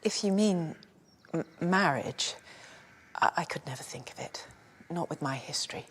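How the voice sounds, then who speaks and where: An actress playing a quiet, guarded young woman with a troubled family past, speaking softly and hesitantly, often half-whispering. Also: low voice, moderate pace, slightly rough.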